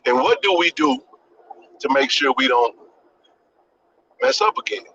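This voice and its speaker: A man's voice: on the high side, huge pitch swings, measured pace, vocal fry, a bit bright, slight background noise. A man hosting a podcast live stream, ranting passionately, repeating his points and swearing for emphasis like a preacher. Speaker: podcast host. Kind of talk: impassioned live-stream rant. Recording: dull lo-fi live-stream audio.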